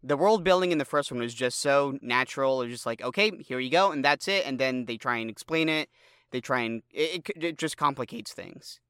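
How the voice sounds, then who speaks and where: A man co-hosting a movie podcast, giving calm, matter-of-fact takes. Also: medium pitch, a little fast, smooth, no echo, clean studio sound. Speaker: podcast co-host. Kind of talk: casual movie review chat.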